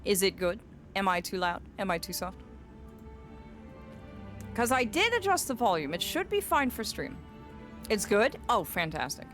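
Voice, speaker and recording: Lively woman streamer over faint music. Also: mid-range voice, moderate pace, long pauses. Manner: animated, rambling, playful. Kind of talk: casual gameplay commentary.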